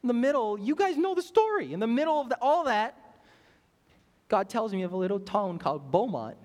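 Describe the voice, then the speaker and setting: A man's voice: extremely high pitch, big pitch swings, a little fast, darkish tone. A young man preaching a sermon as pastor, emphatic and repeating phrases, asking the congregation questions. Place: church sanctuary. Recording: hall reverb.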